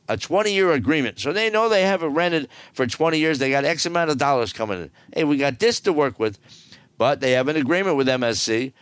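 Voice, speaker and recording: Gravelly, lively ranting man host. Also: mid-range voice, no echo. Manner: ranting, sarcastic, animated. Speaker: podcast host. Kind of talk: opinionated solo podcast.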